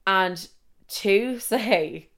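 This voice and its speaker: A young Irish woman telling stories casually, animated and swearing freely, acting out the people she quotes. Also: medium pitch, very slow. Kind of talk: casual storytelling monologue.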